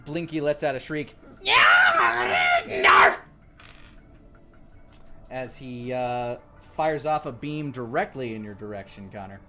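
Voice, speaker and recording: A man's voice: medium pitch, moderate pace, few pauses, over loud music. A man narrating as game master of a tabletop game, switching between vivid descriptions and casual rules talk.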